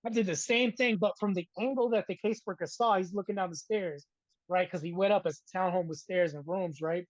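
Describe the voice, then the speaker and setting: A middle-aged man recounts his past as an interview guest, animated and conversational, tossing in "right?" after his points. The recording is dry and a little dull, close with no room sound. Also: sits high, brisk, dry recording. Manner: animated, keeps adding "right?". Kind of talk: storytelling in a casual interview.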